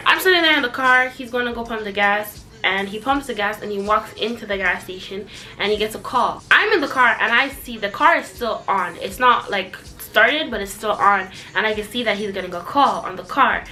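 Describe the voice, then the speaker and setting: Young woman vlogger with a bright, sharp voice, telling a story and getting sarcastic. Faint music plays underneath. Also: brisk. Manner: animated, sarcastic, jumps high in pitch when outraged; drops low and quiet for asides. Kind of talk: storytime chat.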